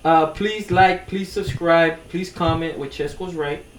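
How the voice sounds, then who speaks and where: A man's voice: a little high, steady tone, measured pace, noisy background. A man hosting a casual podcast chat, joking and playfully insisting he is right. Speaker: podcast host.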